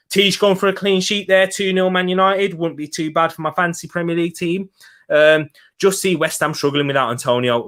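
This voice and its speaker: A man's voice: mid-range voice, fairly bright tone. A young man casually hosting a football live stream, reading viewer comments and urging them to like the video. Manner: chatty, hypes viewers for likes. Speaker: football livestream host.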